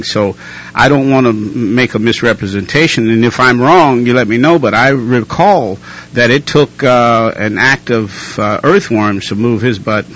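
A man's voice: on the low side, fairly bright tone, muffled recording, slight background noise. A man hosting a call-in radio talk show, folksy and emphatic, who talks over his caller to make a point.

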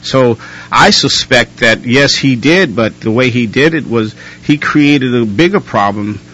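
A man's voice: medium pitch, animated, measured pace, fairly bright tone, muffled recording, a little hiss or hum. A man hosting a call-in radio talk show, folksy and emphatic, who talks over his caller to make a point.

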